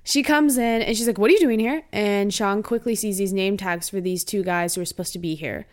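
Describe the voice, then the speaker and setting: A woman's voice: mid-range voice, a little fast. A woman co-hosting a podcast, casually and animatedly recapping a TV episode with laughter. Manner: animated, laughs while retelling. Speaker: podcast co-host.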